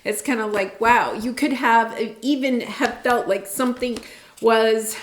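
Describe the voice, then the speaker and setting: A woman with a high, light voice gives a tarot reading straight to her viewers. She talks in an earnest, meandering, heartfelt way. The sound carries a roomy echo. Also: a little slow, a little hiss or hum. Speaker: tarot reader. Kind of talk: intuitive tarot reading to camera.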